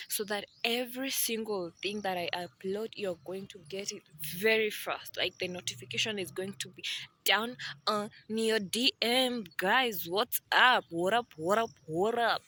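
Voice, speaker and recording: A chatty woman vlogger talks straight to her viewers in a casual, animated way. Her voice is bright and forward, and she mixes playful asides into her talk. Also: medium pitch. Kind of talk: casual vlog talk to camera.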